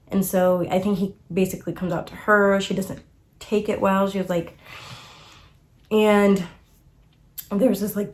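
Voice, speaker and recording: A young woman casually reviewing books, emotional and animated, full of fillers like "like" and "you know.". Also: mid-range voice. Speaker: book reviewer. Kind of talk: casual book review chat.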